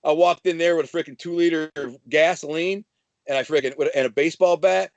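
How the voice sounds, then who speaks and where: A man's voice: on the high side, fairly even intonation, fairly quick, gravelly, darkish tone, dry recording. Brash man with a dry close sound. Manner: brash, swaggering, slangy. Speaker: guest telling prison-life stories. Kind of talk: casual storytelling.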